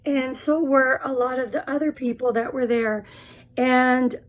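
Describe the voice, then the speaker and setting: Tired woman telling a story, fairly high. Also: fairly even intonation, unhurried. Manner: frank and rambling, full of fillers. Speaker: vlogger. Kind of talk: casual storytelling monologue.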